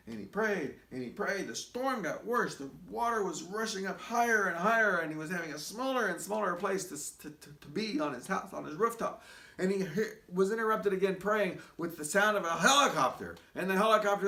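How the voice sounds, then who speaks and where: A man pastor telling a joke-story in sermon style, with an animated, dramatic build. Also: high-pitched. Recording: echoey room, mic far off.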